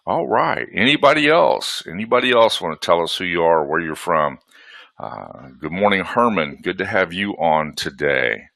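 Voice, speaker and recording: A man's voice: low-pitched, big pitch swings, normal speed, creaky, pushed and bright, no room sound. A man with a Southern US accent hosting a live webinar from home, chatting in a folksy way and greeting attendees by name. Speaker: webinar host.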